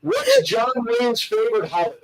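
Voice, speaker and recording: Upbeat co-host, man, high voice, sitting a little off the mic, playful joke teller. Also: wildly swooping pitch, normal speed, creaky, recorded from a distance, a loud crowd, low-quality recording. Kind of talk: casual talk show banter telling dad jokes.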